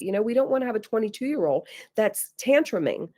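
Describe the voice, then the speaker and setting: A middle-aged woman presenting a parenting webinar, earnest and direct, sometimes acting out gentle things a parent might say. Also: mid-range voice, sing-song, normal speed, husky. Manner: earnest, direct, addresses listeners as guys; acts out gentle parent phrases. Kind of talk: teaching webinar talk.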